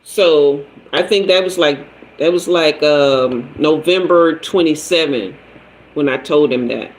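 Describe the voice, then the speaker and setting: Man hosting a live chat, unhurried and personal, voice sits a bit high. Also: poor audio. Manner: chatty, personal storytelling, answers viewers by name. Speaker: livestream host, tarot reader. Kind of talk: casual livestream storytelling.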